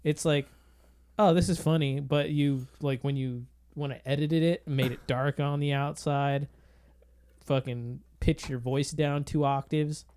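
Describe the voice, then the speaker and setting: A man's voice: a little high, steady tone, measured pace, a little mellow, clear, resonant tone. A man co-hosting a podcast in casual comedic chat, laid-back and swearing freely. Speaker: podcast co-host.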